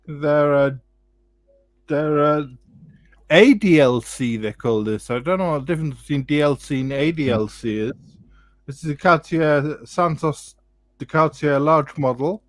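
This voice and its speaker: A man hosting a live watch chat, relaxed and jokey, thinking aloud with plenty of fillers. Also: a little high, measured pace, no room sound. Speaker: watch show host.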